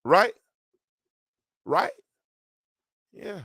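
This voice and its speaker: A middle-aged man talks through a solo talk show like a preacher, joking and calling on his listeners for agreement. His voice sits a little high and sounds bright and forceful. The recording is dry and close. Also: expressive, extremely slow, husky, dry recording. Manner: preachy, joking, asks the audience for amens. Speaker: host.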